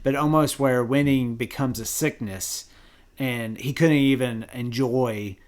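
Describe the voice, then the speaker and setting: A man hosting a podcast, chatting casually and thinking aloud, with many restarts and agreeing asides. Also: mid-range voice. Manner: halting, lots of fillers and restarts, frequent yeahs. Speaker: podcast host. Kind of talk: casual chat.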